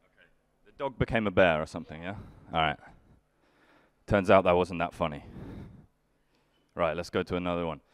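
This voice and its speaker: A young man working a crowd in a live stand-up set. He sounds grumpy and dry, with a fairly low voice that comes across smooth and clear. The sound is close and dead. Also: normal speed, long pauses, no echo. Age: young adult. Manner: dry, grumpy, bantering with the audience. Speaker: stand-up comedian.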